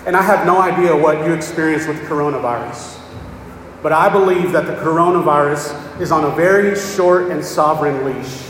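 A man's voice: a little high, normal speed, a bit bright, slight background noise. A man preaching a sermon in a plain, conversational way, often checking in with the congregation. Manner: plain-spoken, repeats "okay?" to check on listeners. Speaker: pastor. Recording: echoey hall, voice from far off.

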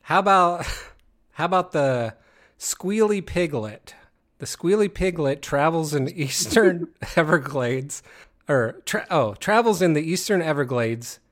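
A man's voice: on the high side, expressive, unhurried. A man hosting a casual guessing game, reading descriptions aloud, often laughing mid-sentence and stumbling over words. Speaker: game host.

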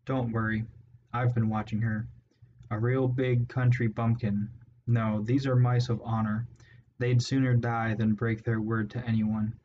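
A man voicing a scornful one-eyed warlord rat in a storybook reading, speaking with a low, flat, gruff delivery. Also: measured pace, lightly acted. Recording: dull lo-fi audio, faint hiss.

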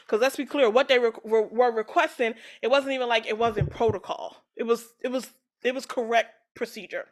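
High-voiced woman telling a story. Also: brisk, few pauses. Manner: animated storytelling, acts out quoted voices, laughs often. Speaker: podcast co-host retelling a story. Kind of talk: casual chat.

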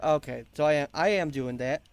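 A man with a fairly high voice plays his character at a tabletop game, keeping a put-on accent going and tacking "mate" onto his lines. He gets loud and excitable. The sound is dry and close. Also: a little fast, dry recording. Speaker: player. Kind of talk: tabletop role-play banter in a put-on accent.

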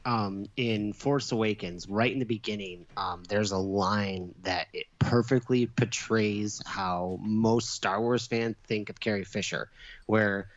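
A middle-aged man in a casual chat, an animated storyteller who also answers quickly as a listener. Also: lowish voice. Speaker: podcast co-host. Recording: slightly dull, lo-fi sound.

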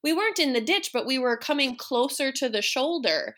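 A woman guest on a podcast, telling a family story in a casual, animated way and swearing freely. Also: sits high, a little fast, slight background noise. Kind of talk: casual chat.

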